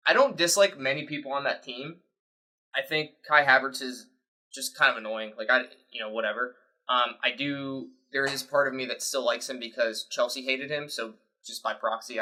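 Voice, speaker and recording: Man, co-host, very bright tone, opinionated, rambling casual chat. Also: mid-range voice, normal speed, low-quality recording. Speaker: podcast co-host.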